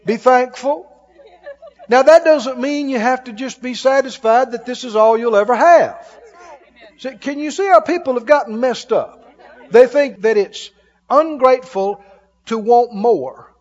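High-voiced, folksy male preacher. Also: big-room sound, dull audio. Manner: folksy, emphatic, laughing as he preaches. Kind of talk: sermon.

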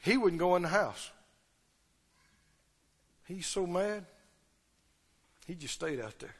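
A man preaching a sermon, telling the story with lively acted-out voices and swings between loud and hushed delivery. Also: high voice, slow pace, pauses often, husky. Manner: storytelling, acts out quoted characters, shifts between loud and hushed. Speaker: pastor. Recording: long hall reverb.

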